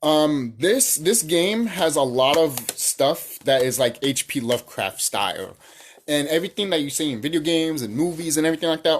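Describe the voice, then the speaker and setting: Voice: medium pitch, animated, brisk, husky. A channel host ranting in a casual monologue, profane and heated, repeating phrases and firing off rhetorical questions.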